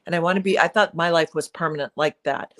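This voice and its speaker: A middle-aged woman with a lowish voice talks openly in an interview. Her delivery is earnest and confessional, and she leans into emphatic, pleading phrases when she urges listeners to act. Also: quick pace. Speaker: guest, perinatal mood disorder speaker. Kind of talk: candid interview conversation.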